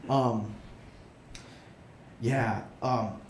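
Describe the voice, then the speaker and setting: A young man, a student, doing a self-deprecating stand-up comedy set and jumping into excited inner voices, in front of a laughing audience. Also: medium pitch, extremely slow. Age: young adult. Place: live comedy room with audience. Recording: echoey room with background noise.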